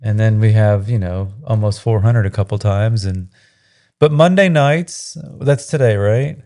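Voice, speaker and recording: A man's voice: on the low side, a little slow, dark tone. A middle-aged man co-hosting a live stream, chatting casually and rambling a little.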